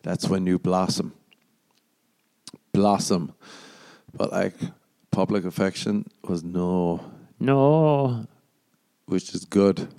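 A man's voice: sits low, little pitch movement, slow, vocal fry, warm tone. A young adult man from Ireland with an Irish accent, hosting a solo podcast, rambling and swearing, slipping into jokey mock voices. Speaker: podcast host.

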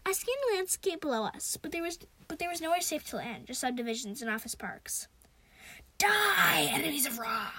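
A woman's voice: high voice, sing-song, fast, hardly any pauses, noisy background. A woman reading passages of a novel aloud, with chatty asides between them. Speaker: reader.

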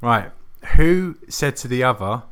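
A man's voice: mid-range voice, lively intonation, measured pace, a bit bright. A man hosting a casual podcast chat, teasing his co-hosts and laughing often. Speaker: podcast host.

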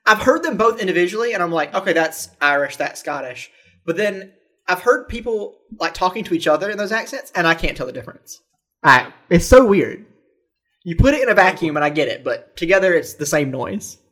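A young man from the South, chatting on a podcast in an animated, laughing, exasperated way. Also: high voice, brisk. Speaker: podcast co-host. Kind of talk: casual chat.

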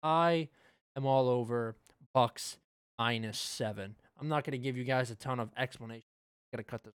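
Man co-host, casual sports-betting talk, smooth clear voice, dry close sound. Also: mid-range voice, moderate pace, no room sound. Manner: relaxed, loose, with frequent fillers. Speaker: podcast co-host.

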